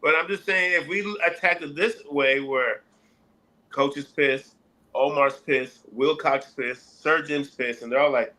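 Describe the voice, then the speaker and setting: A man's voice: on the high side, steady tone, a little slow, bright, forceful tone, low-quality recording. An American man co-hosting a casual sports podcast, talking animatedly and acting out quotes in put-on voices. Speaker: podcast co-host.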